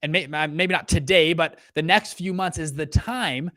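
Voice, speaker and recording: A man's voice: a little high, normal speed, dry recording, clean studio sound. A young man hosting a casual livestream about economics and investing. He talks with lots of energy, keeps checking in with "okay" and "right", and restarts his sentences often. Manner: energetic, lots of fillers and okays. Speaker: fund manager and show host.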